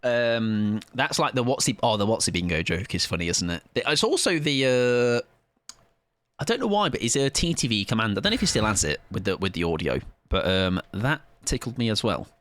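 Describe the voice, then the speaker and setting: A man's voice: fairly low pitch, sing-song, moderate pace, a bit bright, dry recording. A young man streaming a game live, chatting in a joking, self-mocking, rambling way.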